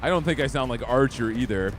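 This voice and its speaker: A man's voice: medium pitch, animated, quick pace, background noise. A young man streaming a game, chatting casually and easygoing with his viewers. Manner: easygoing, chatty, talks to chat. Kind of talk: casual gameplay chat.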